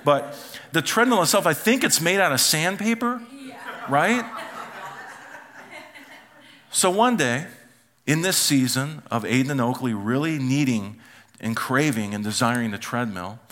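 A man's voice: medium pitch, expressive, unhurried, long pauses, a bit bright. A middle-aged man, a pastor, preaching a sermon in a church auditorium and telling family stories, acting out the voices of his relatives. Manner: storytelling, acts out family members' voices.

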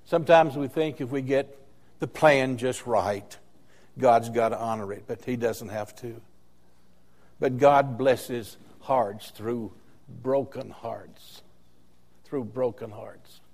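A man's voice: medium pitch, slow, darkish tone. An older man preaching a sermon as interim pastor, telling stories and repeating key phrases for emphasis.

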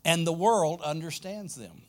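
This pastor from South Louisiana, United States, speaks with a Southern accent in a fairly high voice at a measured pace. He preaches a sermon, putting emphatic questions to the congregation.

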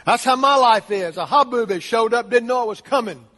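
Pastor, male, high voice; earnest sermon delivery full of rhetorical questions, recorded in a reverberant church hall. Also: brisk, fairly bright tone. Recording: long reverb of a large hall.

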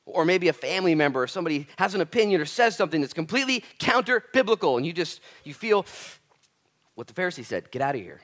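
A man's voice: high-pitched, lively intonation, fast. Casual, emphatic male preacher. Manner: casual and conversational, swings from loud emphatic to quiet intense. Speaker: pastor. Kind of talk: sermon.

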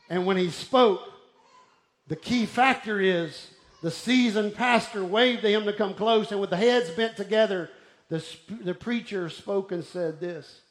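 A man preaching a sermon, telling stories with energy and often dropping his voice to near-whispers. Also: high-pitched. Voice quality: bald-headed preacher, restless and wired up. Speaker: pastor.

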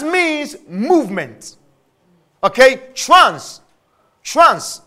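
A male preacher with a very high, bright voice delivers a sermon in an unhurried, deliberate rhythm. He leans on repetition and stretches out his stressed phrases, and his pitch rises and falls expressively. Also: very animated.

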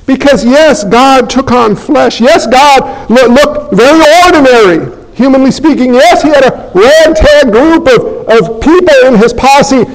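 A man's voice: very high-pitched, a little slow, hardly any pauses, poor audio. A man preaching a sermon as pastor, emphatic and folksy, asking the congregation rhetorical questions.

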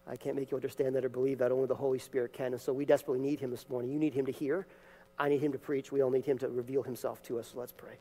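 A man's voice: mid-range voice, level tone, very fast. A man preaching a sermon in a church, reading scripture, praying, and teaching with emphatic rises. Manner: emphatic, building to loud peaks. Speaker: pastor. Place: church sanctuary. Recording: long hall reverb.

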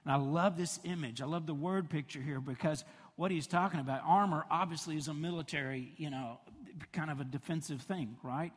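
A man's voice: fairly high pitch, brisk, breathy edge. A middle-aged man preaching a sermon, telling stories in a chatty, conversational way and laughing along. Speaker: pastor. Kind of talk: sermon with personal storytelling. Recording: long hall reverb.

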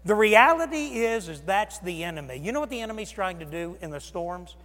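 A male pastor preaching a sermon, with dramatic swings from loud exclamations to hushed near-whispers. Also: high-pitched, animated, brisk. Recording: long reverb of a large hall.

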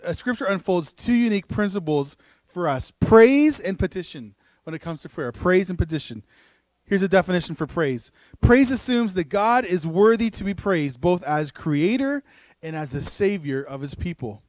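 A high-voiced man preaching to a room, reading scripture and breaking off for quick asides. He sounds earnest and rises to emphatic peaks. The sound is close and dry, with little room echo. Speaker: pastor. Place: church room.

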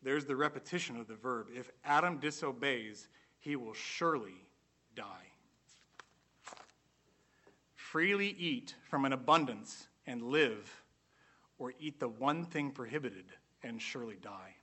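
Delivering a sermon with earnest emphasis, this man, whose mid-range voice is expressive and sharp in tone, eases his pace to drive home the key points.

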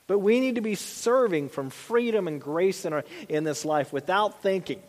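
A man's voice: sits high, animated, moderate pace. A man in his thirties preaching a sermon as pastor, in a conversational way with frequent asides and restarts. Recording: long church reverb.

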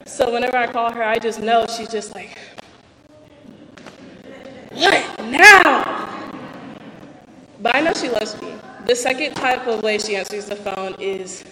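A woman's voice: a little high, steady tone, a little fast, few pauses, echoey room, in a large hall, low-quality recording. A young woman reading out a candid, self-deprecating personal talk about faith and her own life. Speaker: speaker giving a personal testimony.

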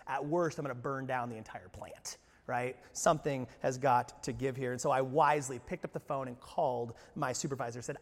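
A man preaching a sermon as pastor, animated, asking rhetorical questions and acting out quotes. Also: sits high. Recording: long hall reverb.

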